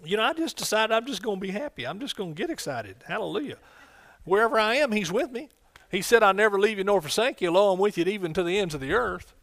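A man preaching from the pulpit with exuberant energy. His voice sits somewhat high, and he breaks into sudden shouted exclamations. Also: expressive, fast, gravelly. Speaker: pastor. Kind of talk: sermon.

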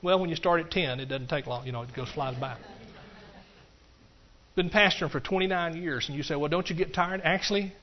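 A middle-aged man, preaching a folksy, animated sermon to his congregation and often talking to them directly. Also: fairly high pitch, fairly quick, long pauses, muffled recording. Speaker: pastor.

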